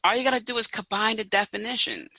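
A woman's voice: mid-range voice, fast, slightly rough, no room sound. A woman in her thirties hosting a solo podcast, talking in a chatty, emphatic way and pressing her points home. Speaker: podcast host. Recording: tinny phone-like dry audio.

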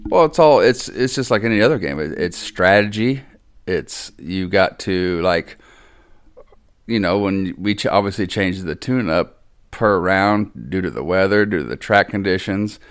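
A man's voice: low-pitched, animated, normal speed, smooth. A man who races cars, chatting as a guest in an easygoing, hesitant way. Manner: easygoing, hesitant, many restarts. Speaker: race car driver, podcast guest. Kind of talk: casual chat.

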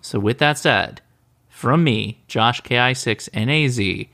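Gravelly man rambling on a podcast. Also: medium pitch, takes it slowly, sharp tone. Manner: rambling, self-correcting. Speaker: podcast co-host. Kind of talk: casual chat.

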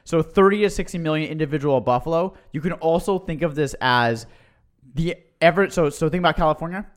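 A man co-hosting a casual podcast, telling history in an excitable, joking way. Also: on the high side, a little fast, clean tone. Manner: excitable, tells history with jokes. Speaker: podcast co-host. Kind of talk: casual chat.

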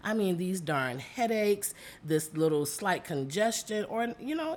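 Hoarse, upbeat woman podcast host. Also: lowish voice. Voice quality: slightly rough voice. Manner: upbeat, chatty, calls listeners "y'all" and "guys". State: hoarse from allergies. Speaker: podcast host and life coach. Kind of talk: casual podcast chat. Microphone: studio mic.

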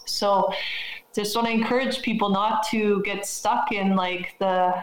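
A woman's voice: medium pitch, fairly even intonation, unhurried, roomy sound, rough recording. A woman giving encouraging advice about starting a business in a casual podcast chat.

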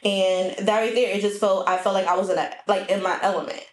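A woman's voice: medium pitch, brisk. A woman guest on a podcast, chatting casually and expressively about her work. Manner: lively, laughs easily, expressive. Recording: echoey room, faint noise.

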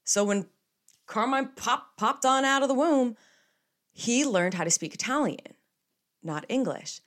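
A young woman from the United States hosting a podcast alone, telling stories in a chatty, animated way with playful asides. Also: a little high, a little slow. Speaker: podcast host. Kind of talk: casual solo podcast chat.

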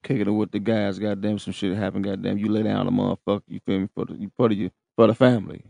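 A man talks in a loose, rambling, profane street-slang monologue. His voice sits low and has a rough, gravelly edge. The sound is dry and close, with no room around it. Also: level tone, fast, mellow, no echo. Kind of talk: casual monologue to camera.

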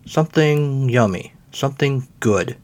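A man's voice: medium pitch, lively intonation, a little slow, darkish tone, voice pushed up, lightly acted. A man voicing a tired, glum adult at home in a read-aloud play, dry and exasperated. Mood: weary.

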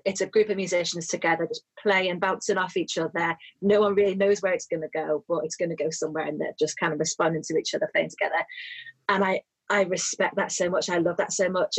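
Husky-voiced woman guest, earnest. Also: fairly low pitch, poor audio. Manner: earnest, searching for words. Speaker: podcast guest, saxophone player. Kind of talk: casual chat.

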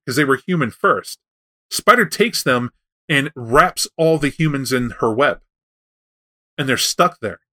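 A man casually retelling a folk tale, animated and loose, often correcting himself. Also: a little high. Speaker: storyteller. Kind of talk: casual spoken storytelling.

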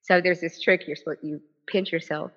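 A woman tells a personal story from the podium at a public event, acting out quoted dialogue as she goes. Her talk is lively and full of quick restarts. The recording sounds dull and lo-fi. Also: lowish voice. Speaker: author and former legislator giving a talk. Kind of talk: personal storytelling speech to a live audience.

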